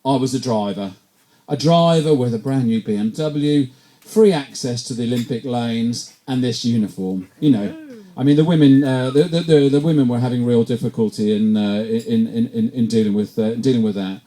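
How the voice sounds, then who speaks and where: A man's voice: medium pitch, moderate pace, dark tone. A man from England doing a stand-up set at a pub comedy night, rambling and self-deprecating, often tripping over and repeating his words.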